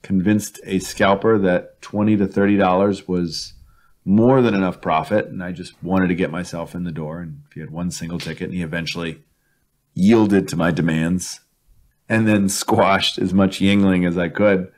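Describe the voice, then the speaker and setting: Low-voiced man telling rambling stories. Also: steady tone, moderate pace, darkish tone. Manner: rambling storyteller, laughs often. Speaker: podcast co-host. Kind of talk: casual chat. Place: indoor room, in person.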